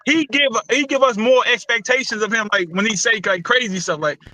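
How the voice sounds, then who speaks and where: A man's voice: extremely high pitch, lively intonation, moderate pace, pushed and bright, poor audio. A man hosting a casual boxing talk show, loose and opinionated, with a lot of slang and repeated words. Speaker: boxing podcast host.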